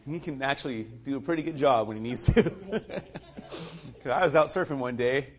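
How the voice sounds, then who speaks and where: A man recounts his personal faith testimony in a relaxed, conversational way. He laughs often, fills his speech with casual fillers and acts out other people's lines in lively voices. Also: mid-range voice, brisk. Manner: chuckles often, loose and conversational with many fillers.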